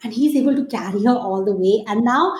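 A woman's voice: fairly high pitch, a little fast. A woman co-hosting a podcast, chatting casually about films with frequent laughs. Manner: animated, laughs often while talking. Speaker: podcast co-host. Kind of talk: casual film chat. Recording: roomy echo.

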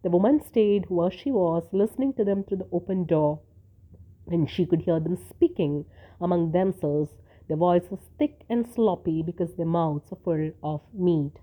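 A woman reading a short story aloud in a measured, even narration. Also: fairly low pitch. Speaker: story reader. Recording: tinny phone-like sound.

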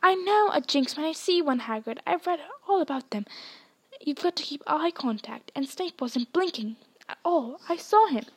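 Earnest know-it-all schoolgirl witch in a storybook reading, done by a high-voiced woman. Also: animated, normal speed. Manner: earnest, insistent. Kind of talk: storybook read-aloud.

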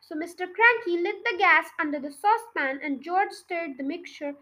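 High-voiced woman reading a storybook. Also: moderate pace, sharp tone, rough recording. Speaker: podcast storyteller. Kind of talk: reading a children's book aloud.

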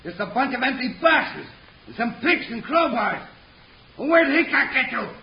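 An actor playing a rough, dim-witted outlaw henchman in a 1950s radio western, with a raspy voice and a gruff drawl. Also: very high voice, very animated, normal speed, exaggerated voice. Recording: muffled old radio broadcast.

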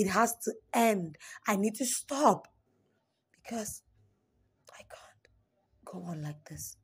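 A young woman performing spoken word poetry, dramatic, swinging between raised pleading lines and hushed whispers. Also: mid-range voice, slightly rough.

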